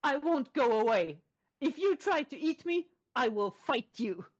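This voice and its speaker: A woman's voice: high-pitched, sing-song, measured pace, slightly rough, exaggerated voice. A woman voicing a brave, boastful young farm boy who defies a troll. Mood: defiant. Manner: boastful and defiant. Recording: dull lo-fi sound.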